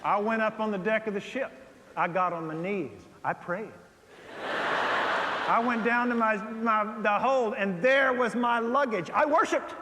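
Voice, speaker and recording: A man preaching a sermon, telling stories with big swings from loud outbursts to hushed asides. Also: sits high, a little slow, heavy background noise. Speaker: pastor. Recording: long hall reverb.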